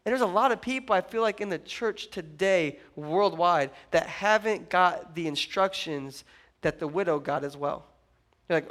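High-voiced animated male preacher. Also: moderate pace. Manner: animated, joking, rising to loud emphasis. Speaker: pastor. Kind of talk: sermon.

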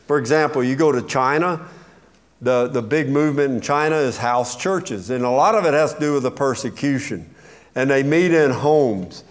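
A man, a pastor, preaching an expository sermon with emphasis, posing rhetorical questions and answering them himself. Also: mid-range voice.

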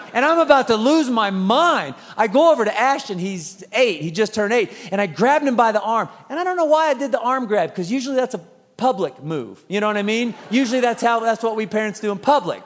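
A man in his thirties preaching a sermon, telling stories with humor and acting out family scenes. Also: high voice. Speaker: pastor. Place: church sanctuary. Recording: long church hall reverb.

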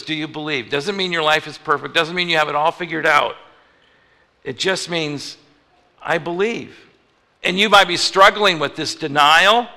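Gravelly pastor preaching in a reverberant hall. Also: male voice, on the high side. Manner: conversational, animated, swings between loud and hushed. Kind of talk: sermon.

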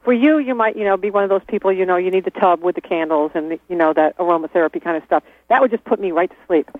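A man with a high voice talks casually as an interview guest, chatty, laughing often and restarting his sentences. There's no echo, but the line is tinny and phone-like, with mains hum.

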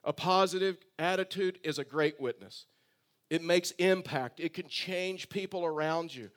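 A man's voice: fairly high pitch, unhurried, fairly bright tone. A male pastor preaching a sermon in a conversational storytelling way, full of rhetorical questions.

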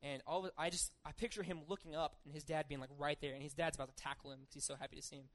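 A young man with a somewhat high voice delivers a laid-back sermon. He reads the passage and then retells it informally, slipping into everyday voices for the people in the story. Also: fairly even intonation, racing, fairly bright tone. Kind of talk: casual sermon with scripture reading.

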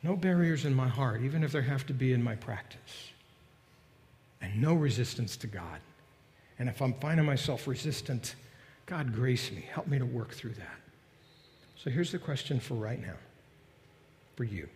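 A man preaching a sermon as pastor, telling a story with lively voiced quotes and closing in a soft prayer. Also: medium pitch, normal speed, pauses often, long reverb tail. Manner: storytelling, animated, then quiet prayer.

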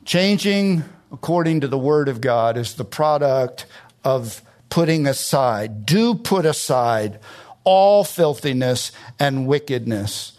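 A middle-aged man preaching a sermon, driving home points by climbing in pitch on key words and drawing out phrases to stress them. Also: animated, slow, a little mellow. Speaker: pastor.

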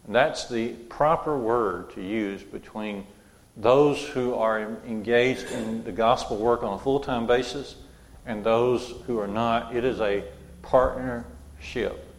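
A man's voice: mid-range voice, steady tone, takes it slowly, big-room sound, low-quality recording. A man preaching a sermon in a church, conversational, repeating and restarting his phrases.

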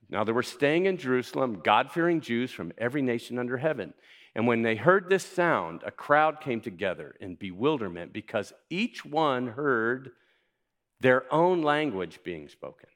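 A male pastor gives a sermon with a lively, swooping voice that rises and falls a lot. He keeps it conversational and playful and often turns to the congregation with questions. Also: medium pitch.

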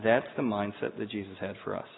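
A man preaching a sermon, telling a story with lively voices and acted-out scenes. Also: lowish voice, fairly quick, vocal fry, big-room sound, phone-quality sound, a little hiss or hum. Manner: animated storyteller acting out scenes. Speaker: pastor.

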